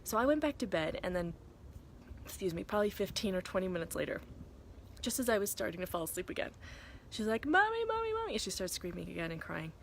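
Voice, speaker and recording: A woman's voice: lowish voice, quick pace, vocal fry. Candid mother vlogging in a noisy cabin. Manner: candid, rambling, swears freely, talks to viewers and her kids in between. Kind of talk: casual confessional vlog. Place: vacation cabin in the mountains.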